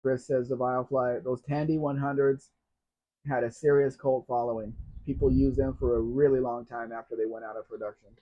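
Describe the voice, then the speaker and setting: Reading viewer comments aloud and chatting casually, an American live stream host from the United States fields a Q&A in a mid-range voice. His delivery is flat and fairly quick, and the audio is dull and lo-fi.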